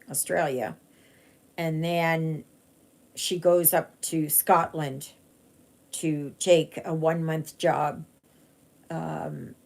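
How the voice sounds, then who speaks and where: Low, gravelly, slow-talking woman. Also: darkish tone. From Canada. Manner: rambling, chatty, many fillers and restarts. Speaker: cross-stitch vlogger. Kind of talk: casual chat while stitching live.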